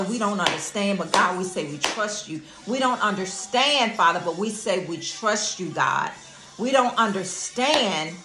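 A woman's voice: on the low side, pushed and bright. A woman preaching a devotional sermon and prayer, emphatic, repeating phrases and calling on listeners to say words back. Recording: echoey room with faint music.

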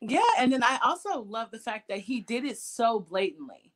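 A woman's voice: on the high side, expressive, normal speed. A young adult woman hosting an interview podcast, answering her guest with encouraging, affirming remarks. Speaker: podcast host. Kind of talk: interview talk show hosting.

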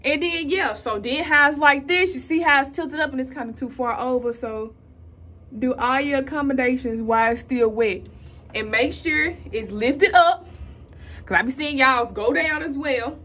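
A woman's voice: high-pitched, normal speed, pushed and bright. A young woman filming a casual get-ready-with-me tutorial at home, chatting straight to her viewers and calling them "y'all". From Houston, Texas. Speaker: beauty vlogger. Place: at home, indoors.

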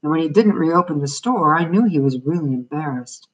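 A woman reading a children's novel aloud as a storyteller, in steady, plain narration. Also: low-pitched, a little fast, muffled recording.

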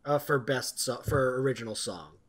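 A man co-hosting a podcast, recapping a film in a meandering, halting way with many fillers. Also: mid-range voice, over a noisy crowd. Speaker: podcast co-host. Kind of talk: casual chat, recapping a film.

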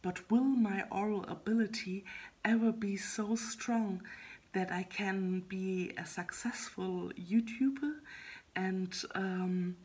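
A woman talking in a casual solo vlog about her writing progress, soft and half-whispered, hesitant and halting with many fillers and restarts. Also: mid-range voice, slightly rough. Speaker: web fiction writer vlogging her progress.

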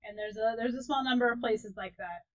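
A woman chatting casually as she plays a co-op farming game, giggly and often trailing off softly. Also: fairly high pitch, brisk, highs cut off. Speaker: let's play host. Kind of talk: casual gaming commentary.

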